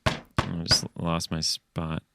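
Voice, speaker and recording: A man's voice: low-pitched, monotone, slow pace, creaky, background noise. A man co-hosting a comedy podcast, chatting casually and stumbling over his words as he loses his place. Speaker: podcast co-host. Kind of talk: casual comic banter. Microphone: studio podcast mic.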